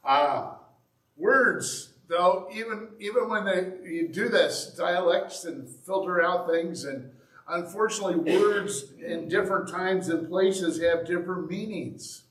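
A man's voice: high voice, unhurried. A man with a Southern Indiana accent, preaching a sermon as a pastor in a folksy, joking way. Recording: roomy sound from a distance.

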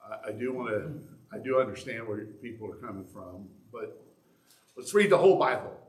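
A man's voice: mid-range voice, lively intonation, moderate pace. Man preaching in an echoey sanctuary. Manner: conversational, earnest Bible teaching with asides to an online audience. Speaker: pastor. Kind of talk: sermon.

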